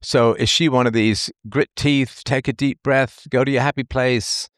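In a studio-quality recording without room sound, a man gives an opinion monologue in a mid-range, steady voice that's fairly bright, clear, and resonant, at normal speed. As a commentator, he rambles emphatically, repeats himself often, and waves off details with dismissive asides.

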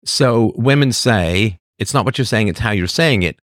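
Here a male livestream host works through the chat at a normal speed, opinionated and fond of repeating himself through rhetorical questions. There's plenty of animation and pitch movement in his voice, and the studio-quality audio carries no room sound.

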